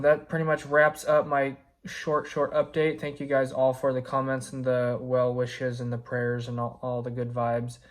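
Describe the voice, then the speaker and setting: Hoarse man giving a rambling update. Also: medium pitch. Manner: relaxed, rambling with many fillers. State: sounds sick, hoarse. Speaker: vlogger, electrician. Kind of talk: casual update to viewers.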